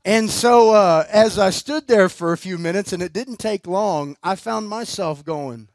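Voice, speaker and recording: With a high voice and an unhurried delivery, a guest preacher recounts a personal story at a conference. He is chatty, laughs a lot, and often uses fillers and restarts. There's no echo.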